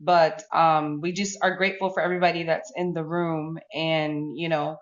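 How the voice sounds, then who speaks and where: Host, woman, low voice, steady and welcoming, muffled phone sound. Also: moderate pace. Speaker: room host. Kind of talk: hosting a live audio chat room.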